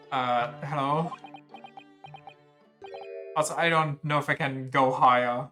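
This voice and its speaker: A man's voice: mid-range voice, steady tone, a little slow, pushed and bright, faint music behind. A man streaming a game, chatting casually with self-deprecating, laughing asides.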